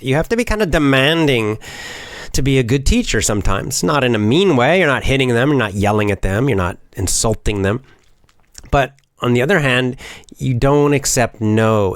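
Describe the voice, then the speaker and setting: A middle-aged man, a teacher and public speaker, talking in a casual, animated way with many fillers and restarts. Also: mid-range voice, dry recording. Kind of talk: casual spoken monologue.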